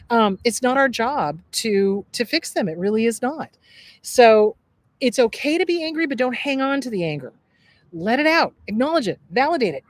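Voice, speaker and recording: A woman's voice: a little high, lively intonation, moderate pace, no echo, low-quality recording. A middle-aged woman therapist hosting a casual livestream outdoors, talking in a blunt, jokey and emphatic way. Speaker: therapist and show host. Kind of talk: casual livestream advice talk. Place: outdoors at a table.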